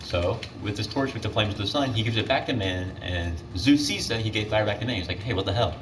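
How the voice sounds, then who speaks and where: A man's voice: on the low side, lively intonation, fast talker. A teenage boy casually retelling myths while gaming, rambling with lots of fillers and self-corrections. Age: teens. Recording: distant mic with clear background noise.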